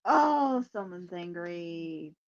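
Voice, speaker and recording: A woman's voice: lowish voice, animated, very slow, highs cut off. A woman hosting a psychic podcast in a casual livestream chat, laughing often and swearing casually.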